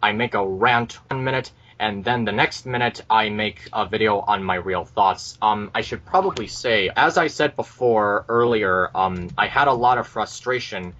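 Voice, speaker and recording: A man's voice: on the low side, normal speed, hardly any pauses, fairly bright tone. Hesitant man on muffled call audio. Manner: hesitant, many ums. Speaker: video reviewer. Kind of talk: casual group call chat.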